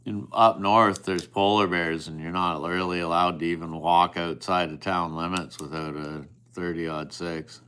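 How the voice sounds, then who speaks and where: A man's voice: sits low, fairly even intonation, measured pace, few pauses, a bit bright, smooth. A man chatting casually with viewers on a live stream, teasing and swearing at them in an offhand way.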